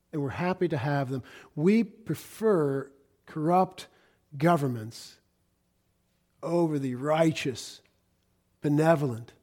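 A man preaching a fervent sermon and reading scripture, swinging from loud cries to hushed whispers. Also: a little high.

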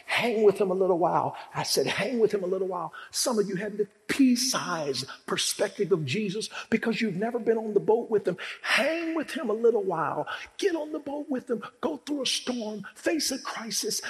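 A man preaches a sermon with a high, ringing voice that echoes through a large hall with a long reverb. He tells the story dramatically, acting out the voices of its people and swinging from hushed murmurs to loud declarations.

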